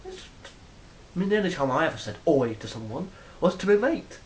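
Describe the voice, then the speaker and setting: A man's voice: a little high, wildly swooping pitch, brisk, slight background noise, rough recording. A man telling stories in a rambling, casual monologue to a phone camera, swearing freely. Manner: rambling, swears freely, acts out quoted exchanges loudly. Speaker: vlogger.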